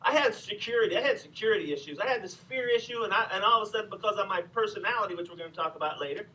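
A middle-aged man preaching a sermon in an animated, conversational way, with asides to his listeners. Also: high-pitched, very fast, far from the mic, rough recording. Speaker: pastor.

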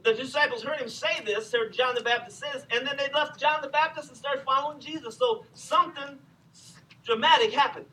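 Middle-aged male pastor, conversational animated sermon, bright tone, recorded from a distance. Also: very high voice, a little fast. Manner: animated, conversational preaching with asides.

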